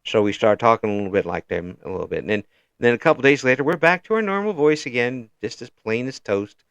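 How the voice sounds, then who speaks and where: A man from Illinois with a Midwestern American accent, hosting a casual interview and talking in halting, restarting phrases with frequent chuckles. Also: mid-range voice, lively intonation, creaky, no echo, lo-fi sound. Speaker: interview host.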